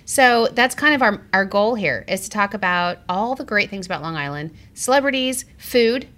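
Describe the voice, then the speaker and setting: A woman from Arizona co-hosting a casual podcast, talking quickly and bubbly, with lots of "like" and laughter. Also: medium pitch, lively intonation, fairly bright tone. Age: adult parent. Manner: quick, chatty and bubbly, with many likes and laughs. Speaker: podcast co-host. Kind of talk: casual chat.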